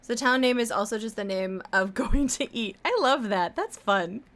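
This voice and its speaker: A woman's voice: fairly high pitch, animated, normal speed, a bit bright. A woman live-streaming her art, chatting casually and rambling, with some casual swearing and humming to herself as she draws. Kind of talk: casual chat while drawing on stream.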